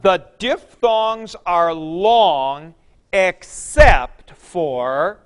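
A man's voice: high voice, expressive, unhurried, a bit bright, clear, resonant tone. A man teaching a Greek grammar class, explaining patiently and repeating the key points. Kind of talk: classroom lecture.

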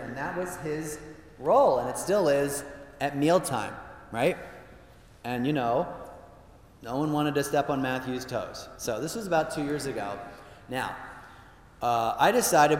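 A man who is a priest, telling self-mocking stories in a chatty way with lively asides during a talk to an audience. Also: fairly high pitch, unhurried, a little hiss or hum. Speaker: Jesuit priest giving a talk. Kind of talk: humorous storytelling talk. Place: large hall with a live audience. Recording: echoey hall from a distance.

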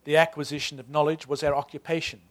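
A man in his sixties with an Australian accent reading aloud from a novel as a wry, proud older male servant narrating his life, in a lively, emphatic telling. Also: on the high side, quick pace, close to an everyday voice. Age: 60s.

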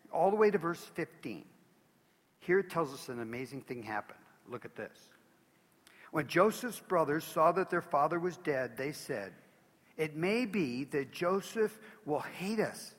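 A man's voice: fairly high pitch, breathy edge, in a large hall. A man preaching as a pastor, earnest and emphatic, pleading with his listeners. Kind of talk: sermon.

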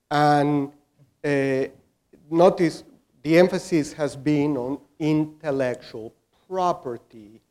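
A man's voice: a little high, slow pace, mellow. A man speaking as a panelist in a discussion, explaining his point with everyday examples.

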